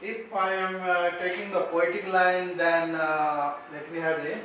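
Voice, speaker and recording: Slow-lecturing man in an echoey room. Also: high-pitched, little pitch movement, a bit bright, distant mic, a little hiss or hum. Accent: Indian English. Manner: slow, deliberate explaining. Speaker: teacher. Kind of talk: lecture on poetry.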